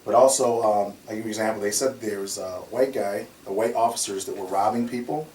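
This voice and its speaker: A man who runs a security company, telling stories in an animated way and laughing often as he talks. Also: fairly low pitch, brisk. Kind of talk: conversational storytelling. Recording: roomy, distant mic, faint noise.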